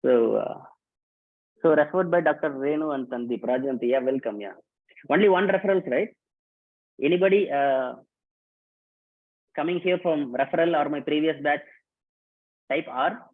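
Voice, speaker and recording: A man's voice: a little high, normal speed, pauses often. A man hosting a live online workshop, greeting participants by name and repeating instructions in a casual way. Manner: casual, repetitive, calls out names and instructions. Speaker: workshop host. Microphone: online video call. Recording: tinny phone-like call audio.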